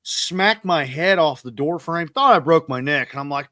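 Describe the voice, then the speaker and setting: Male podcast host, 30s, bright and punchy tone, self-deprecating storyteller, dry close mic. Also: a little high, normal speed, dry recording. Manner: rambling, self-deprecating, animated retelling. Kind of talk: casual storytelling monologue.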